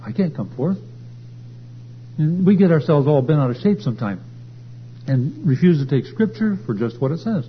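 A man preaching a sermon at a church service, swelling louder and higher as he drives his points home. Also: very animated, a little fast. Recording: dull lo-fi recording with faint hum.

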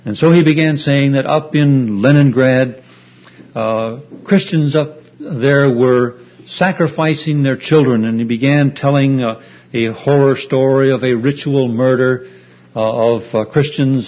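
A man preaching an earnest, explanatory sermon, pausing often with fillers as he retells a story. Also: medium pitch, fairly even intonation. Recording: dull lo-fi recording.

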